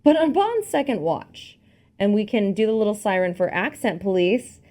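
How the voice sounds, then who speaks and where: A woman's voice: mid-range voice, moderate pace. A young woman co-hosting a podcast, chatting casually about a film and acting out lines she quotes. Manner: chatty, animated, acts out quotes. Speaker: podcast co-host.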